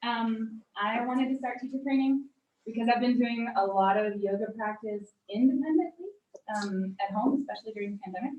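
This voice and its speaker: A woman's voice: on the high side, fairly quick, slight background noise. Hesitant woman, dull roomy sound. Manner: hesitant, many ums. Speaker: yoga teacher trainee. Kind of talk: casual group introduction. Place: yoga studio room with a group. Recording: dull, echoey, from a distance.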